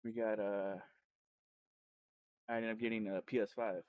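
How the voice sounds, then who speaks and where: A man's voice: on the low side, normal speed, no room sound. Rambling man telling his streaming story. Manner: rambling, with many restarts and self-corrections; animated when retelling excited moments. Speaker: streamer and podcast host. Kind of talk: casual personal storytelling.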